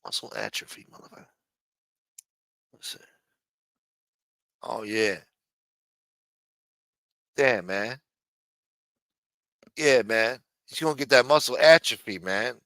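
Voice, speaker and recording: Jersey guy hosting a livestream, cursing a lot and rambling, bright voice, real dry sound. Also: medium pitch, animated, takes it slowly, long pauses, dry recording. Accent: New Jersey. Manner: profane, rambling street talk. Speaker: livestream host. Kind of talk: casual livestream chat, reading the chat.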